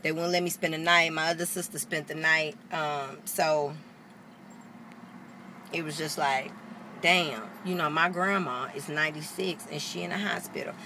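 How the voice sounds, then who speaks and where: This woman vlogger has a deep voice and a normal pace, with background noise behind her. She tells her story to the camera in a lively, profane way, acting out anyone she quotes.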